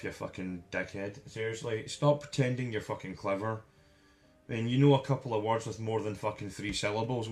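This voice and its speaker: A man's voice: mid-range voice, darkish tone. A man giving an angry, profanity-laden commentary as a vlogger, hurling insults.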